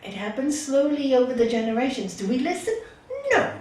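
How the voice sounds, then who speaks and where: A woman's voice: sits high, expressive, fairly quick, darkish tone. A woman spiritual teacher giving an earnest talk to a gathering, asking many rhetorical questions, recorded from far off in an echoey hall. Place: meeting hall.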